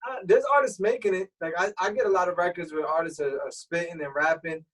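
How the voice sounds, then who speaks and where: Radio DJ guest, male, streetwise and easygoing, slightly raised pitch, heard from a little off the mic. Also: fast talker. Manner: relaxed, explanatory, streetwise talk. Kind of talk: casual interview chat. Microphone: remote call. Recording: voice a bit far from the mic.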